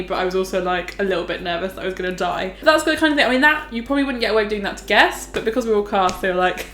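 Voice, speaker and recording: A woman's voice: fairly high pitch, expressive, fast, a bit bright, echoey room. A young woman, telling stories casually as a vlogger, chatty and full of fillers. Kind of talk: casual storytelling.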